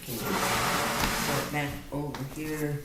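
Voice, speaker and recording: A woman's voice: low-pitched, slow, heavy background noise. A woman tutoring reading and spelling one-on-one, patiently explaining step by step. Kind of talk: one-on-one phonics lesson. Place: room with a whiteboard. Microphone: laptop camera on a table. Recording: very echoey room, from far off.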